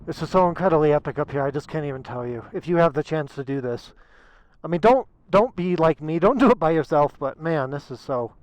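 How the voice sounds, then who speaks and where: A man's voice: fairly high pitch, brisk, no echo, low-quality recording. A man vlogging his motorcycle ride over a mountain pass outdoors, talking casually and exclaiming with open emotion. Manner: excitable, exclaiming, openly emotional. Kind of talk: casual narration while riding.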